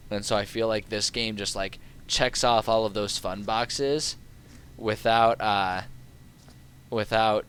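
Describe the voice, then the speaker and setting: A man's voice: lowish voice, fairly even intonation, takes it slowly, a bit bright, clear, resonant tone. A man streaming a game live, talking casually and rambling with lots of fillers. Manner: rambling and chatty, with many fillers.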